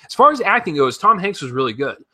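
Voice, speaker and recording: Man, casual movie review, animated, swears a lot, rambling fillers, sharp forceful tone. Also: sits high, fast. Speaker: film reviewer.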